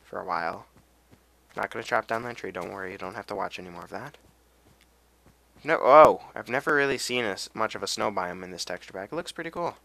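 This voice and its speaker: A man's voice: fairly low pitch, fairly quick, gravelly, bright, forceful tone. A tired young man rambling through casual game commentary, with self-deprecating asides and a voice that cracks now and then. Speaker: let's play gamer.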